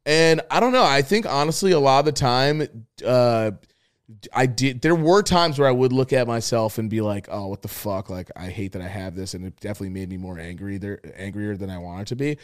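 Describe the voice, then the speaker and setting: Young male podcast co-host, relaxed and profane, animated storyteller. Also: mid-range voice, fairly quick, clear, resonant tone. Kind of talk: casual chat.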